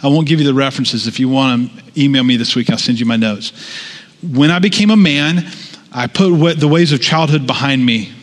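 The pastor's mid-range voice moves fairly quickly as he preaches in a chatty style, restarting lines and adding asides. The recording carries a long hall reverb.

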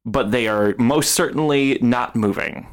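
A man narrating as game master of a tabletop role-playing game, unhurried and hesitant, with frequent fillers. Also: medium pitch.

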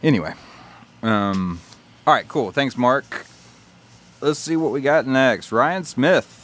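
A man's voice: mid-range voice, lively intonation, slow, fairly bright tone. A man co-hosting a podcast, reading listener mail and chatting casually, laid-back and joking, with casual swearing. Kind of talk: casual chat.

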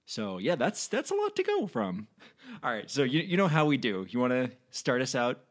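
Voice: mid-range voice, wildly swooping pitch, normal speed. A podcast host in casual chat who asks curious questions and gives encouraging replies.

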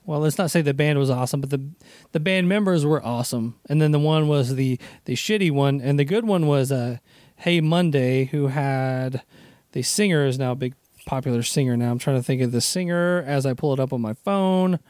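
A man's voice: medium pitch, a little fast, darkish tone, no echo, clean studio sound. A man co-hosting a podcast, asking questions and sharing his own stories in casual chat. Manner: short reactions and laughter. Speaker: podcast co-host.

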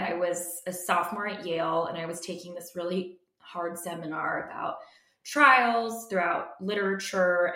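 A young woman co-hosting a podcast chats casually, her lowish voice bright and forceful. She tells stories with animated energy and works herself up as she talks. The room around her is roomy and echoey. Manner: animated storytelling, gets worked up. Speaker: podcast co-host. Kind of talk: casual chat.

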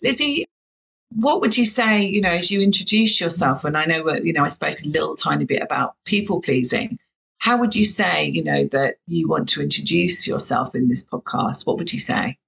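Gravelly Southern English woman host. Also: sits low, sing-song, normal speed, a bit bright, low-quality recording. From England. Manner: enthusiastic, lots of affirming "yeah". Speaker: podcast host. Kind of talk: casual interview chat. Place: home in the UK, remote call.

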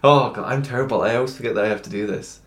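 A man hosting a podcast at home talks in a loose, chatty way, full of self-deprecating asides. His voice sits at an ordinary pitch. The room around him rings noticeably. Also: very fast, echoey room, slight background noise. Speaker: podcast host. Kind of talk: casual chat. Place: home room, shared with guest.

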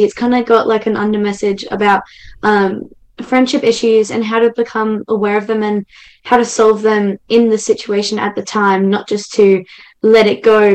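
A bubbly young woman from Australia talking about acting, her voice at a middle pitch. She gushes freely and sprinkles her speech with fillers. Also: a little mellow, rough recording. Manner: bubbly, gushing, many "like" fillers. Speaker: young actor guest. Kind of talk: casual interview chat.

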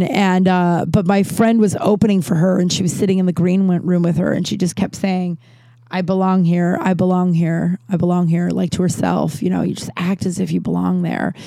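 Thirties woman with a warm, mellow tone, chatty monologue host who rambles, self-corrects and curses, recorded dry and close. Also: fairly low pitch, vocal fry, dry recording. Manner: rambling, swears freely, frequent restarts and self-corrections. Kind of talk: casual storytelling monologue.

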